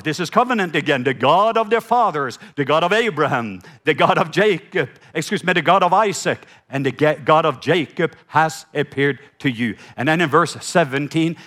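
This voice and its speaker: Norwegian guy preaching, kinda high voice, acts out the voices, stammers a bit. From Norway. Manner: animated, acts out voices in his retelling, stammers. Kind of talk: sermon.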